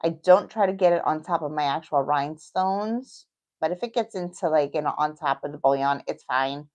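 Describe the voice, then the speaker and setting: A middle-aged woman with a New York accent talks her way through a nail tutorial in a relaxed, chatty manner. Her voice sits a little low and she reassures the viewer as she works. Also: normal speed, dull audio. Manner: chatty, reassuring, thinks aloud while working. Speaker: nail technician. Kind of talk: casual tutorial talk.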